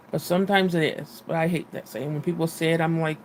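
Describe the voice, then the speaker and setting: Woman host, casual live chat, gravelly, annoyed venting, faint hiss behind. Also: low voice, fairly even intonation, moderate pace, a little mellow. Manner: frustrated, venting, swearing. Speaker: livestream host.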